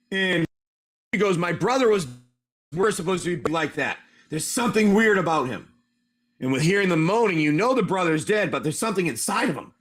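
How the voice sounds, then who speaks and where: A man's voice: high voice, fairly bright tone. A man running a tabletop game on a live stream, narrating each move play by play. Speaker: game master.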